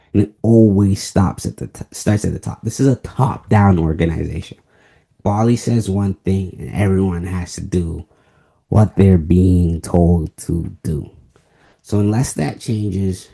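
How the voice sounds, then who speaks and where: A man's voice: deep voice, vocal fry, warm tone, husky. A twenty-year-old man from the United States giving an emphatic sports opinion monologue, repeating key phrases for stress. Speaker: sports vlogger.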